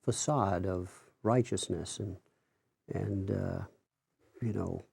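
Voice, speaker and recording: A man, a minister, speaking haltingly with many restarts in a conversational discussion. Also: low-pitched, fairly even intonation, vocal fry, a little mellow, slightly rough.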